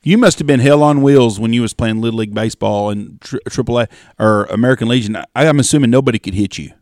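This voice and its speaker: Male podcast host, mid-pitched, folksy questioner, dry close sound. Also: quick pace, a little mellow, no room sound. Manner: folksy, asks leading questions. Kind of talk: casual interview chat.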